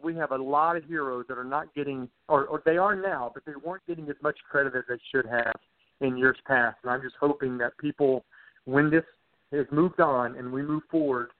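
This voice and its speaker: A man's voice: fairly high pitch, no echo. An earnest man from Southern West Virginia, guest on a podcast and talking from the heart. His voice reaches us over a tinny, phone-like line, dry and close. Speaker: actor guest. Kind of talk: podcast interview.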